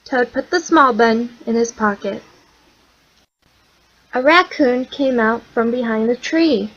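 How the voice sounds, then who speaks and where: Woman reading a kids book real slow, kinda high voice, muffled recording. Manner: slow and clear, gentle storytelling. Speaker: storybook reader. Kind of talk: reading a children's picture book aloud.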